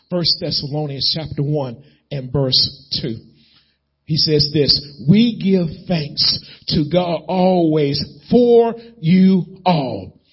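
A man preaching a sermon as pastor of a church, swelling into shouts as he acts out prayers to God. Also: a little high, breathy edge, dull audio.

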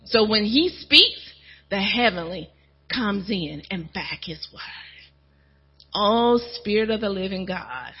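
A middle-aged woman, a church first lady preaching a testimony sermon in an animated way, with asides and playful voices. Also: medium pitch, slow pace, husky. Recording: dull lo-fi church recording.

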